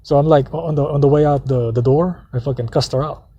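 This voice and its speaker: A man ranting in a rambling, heavily profane way from the seat of his parked car. His voice is mellow and warm in tone but husky around the edges. He keeps circling back, restarting, and swearing as he tells his story. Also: on the high side, fairly even intonation, a little fast, no room sound, highs cut off. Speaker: vlogger. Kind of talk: casual ranting monologue.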